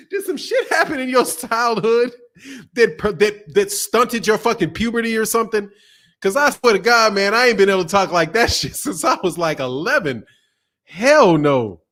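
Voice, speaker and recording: Laughing, high-voiced boxing live-stream host. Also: male voice, expressive, moderate pace, a bit bright. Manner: loose, laughing, profane banter reading out chat messages. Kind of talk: casual live-stream chat.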